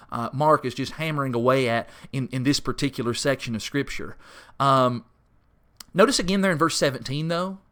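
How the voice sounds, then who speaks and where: A man leading a church Bible study, teaching in a conversational way with many fillers and lively acted-out quotes. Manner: rises sharply in pitch when mimicking pleading voices.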